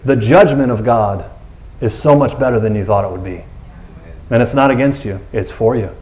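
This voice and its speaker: A man's voice: mid-range voice, moderate pace. A male pastor preaching a sermon in a casual, conversational way. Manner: animated, conversational, acts out characters.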